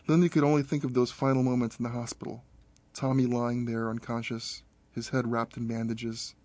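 A man's voice: medium pitch, a little mellow, dry recording. Male narrator reading a story. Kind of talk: audiobook narration of a short story.

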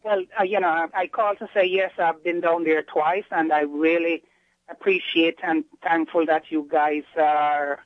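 Male radio caller, high-pitched, earnest and halting, heard through a tinny phone line. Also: little pitch movement, no echo. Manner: halting, earnest, searching for words. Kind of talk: phone-in call. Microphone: telephone.

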